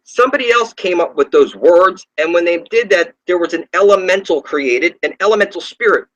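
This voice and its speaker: High-voiced man on a profane rant. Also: expressive, brisk, rough recording. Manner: ranting, profane and insistent, with sudden pitch jumps. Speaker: channel host. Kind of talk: rambling monologue to camera.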